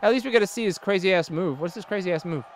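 A young man hosting a gaming video, giving excitable, jokey let's-play commentary and laughing often. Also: high voice, fast talker. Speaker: gaming channel host.

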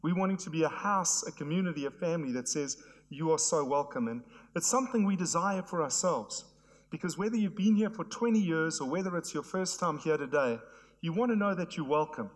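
A hoarse man, preaching an earnest sermon to his church. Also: on the high side, expressive, a little fast. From South Africa. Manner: earnest, repetitive emphatic phrasing. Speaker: pastor. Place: church hall. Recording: long hall reverb.

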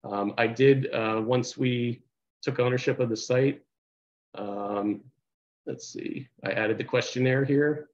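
A man co-chairing a committee, presenting a website on a video call, halting, with many uhs and restarts. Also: medium pitch, steady tone, lo-fi sound. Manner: halting, heavy with uh and restarts, sometimes mutters aside. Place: home office on a video call. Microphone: computer mic on a video call.

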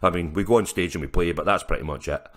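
A man putting on his older brother's deadpan voice, acting as if he hates his sibling. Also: fast. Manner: flat, deadpan, low and muttered.

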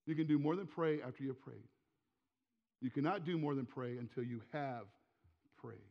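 A pastor in his forties preaching a sermon in a church sanctuary, emphatic and given to repeating words, often dropping to a quiet, intimate tone. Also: mid-range voice. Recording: long hall reverb, dull lo-fi sound.

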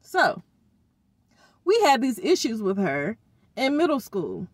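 A woman's voice: on the high side, slow pace, breathy edge, no room sound. A middle-aged woman ranting casually in a vlog, venting in exasperation about her children with informal slang. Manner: expressive, uses informal slang. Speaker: vlogger.

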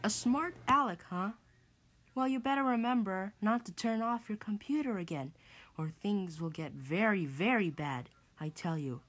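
Lady voice reading out a computer error, stern, says the same warning again and again, medium pitch. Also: moderate pace, slight background noise. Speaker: error message announcer. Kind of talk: scripted computer warning announcement.

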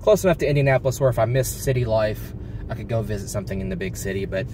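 A man races through his words in a lowish voice while vlogging from behind the wheel in a village. He eagerly calls out the signs and wonders at the scenery, over slight background noise.

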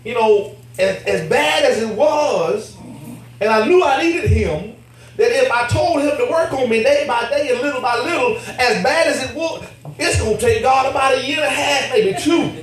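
A man preaching a sermon as pastor, animated and laughing as he acts out his talks with God. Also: extremely high pitch, normal speed, far from the mic. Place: church. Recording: echoey church from afar.

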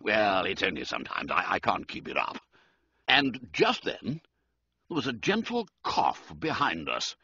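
A man's voice: fairly low pitch, huge pitch swings, unhurried, gravelly, sharp tone, slightly rough, dry recording, highs cut off. Theatrical male storyteller, swooping voice. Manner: theatrical, swooping, playing all characters. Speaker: audiobook narrator. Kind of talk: animated storybook narration.

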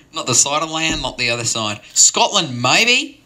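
A man telling a rambling, absurd story at an open mic in a deadpan way, full of digressions. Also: mid-range voice.

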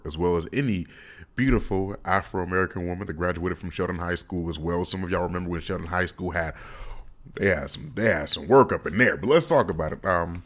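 A man's voice: deep voice, a bit bright. A man giving sarcastic, emphatic, slangy opinion commentary to the camera.

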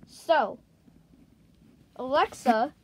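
A woman hosting a make-believe plush-toy game show in an excitable, playful way. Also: high voice, extremely slow, husky, poor audio. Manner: excitable, jumps between characters' voices. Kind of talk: playful toy role-play narration.

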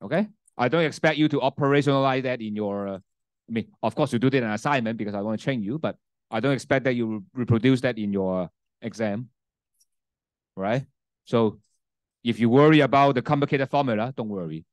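A man's voice: mid-range voice, brisk, dry recording. A man teaching a university class and demonstrating a spreadsheet, often checking in with "okay?" and "right?" and restarting sentences. His first language is Cantonese. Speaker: university lecturer. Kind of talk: classroom lecture with software demo. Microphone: handheld mic, sometimes set down.

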